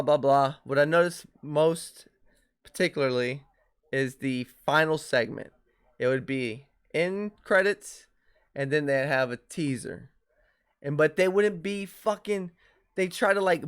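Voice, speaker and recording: Guy ranting solo on his podcast, kinda high voice, cussing a lot. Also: smooth. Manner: profane, animated ranting with laughs. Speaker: podcast host. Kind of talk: casual solo podcast rant.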